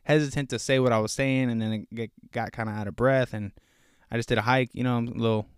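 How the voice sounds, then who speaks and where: A man's voice: medium pitch, fairly even intonation, fast talker, smooth, dry recording, clean studio sound. A young man hosting a casual faith podcast, rambling earnestly with lots of fillers, a little out of breath. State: slightly out of breath. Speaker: podcast host.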